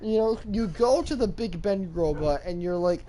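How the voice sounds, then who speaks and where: A young man streaming from home, rambling through a profane, absurd made-up story and jumping into high yelps when he does voices. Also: animated, moderate pace, warm tone, rough recording.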